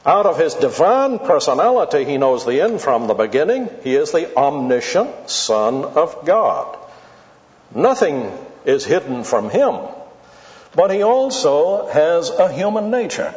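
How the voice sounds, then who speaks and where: Male Bible lecturer, slightly high voice, deliberate and emphatic, lo-fi recording. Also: a little mellow. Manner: deliberate, emphatic, stretches key words. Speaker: Bible teacher. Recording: dull lo-fi tape in a reverberant hall.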